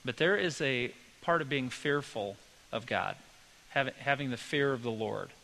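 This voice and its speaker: A man's voice: mid-range voice, lively intonation, moderate pace, creaky, sharp tone, poor audio. A male pastor giving a sermon in a folksy, conversational way, weaving personal stories into his teaching.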